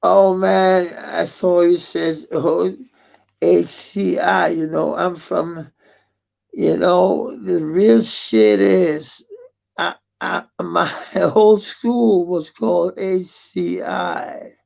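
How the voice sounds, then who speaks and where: A livestreamer rambles in a casual chat with viewers, swearing often and laughing at comments. His high voice is steady, very slow, creaky and darkish, heard through muffled lo-fi stream audio.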